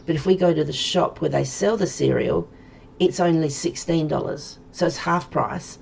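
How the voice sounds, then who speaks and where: A woman's voice: deep voice, gravelly, a little mellow, slight background noise. An Australian woman in her forties chatting casually to viewers while she streams a game, rambling as she plays. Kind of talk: casual let's-play chat.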